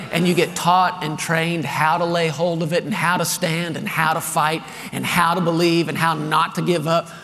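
A man preaching a sermon as pastor, telling family stories with animated energy and reading scripture slowly with emphasis. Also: high-pitched. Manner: animated storytelling, reads scripture with slow emphasis. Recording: long reverb of a large hall.

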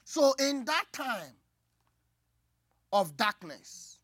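A woman preaching a sermon, moving from hushed asides to loud, cried-out lines. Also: on the high side, drawn-out words, breathy edge, dry recording, studio quality. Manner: expressive, swings from hushed asides to loud cries.

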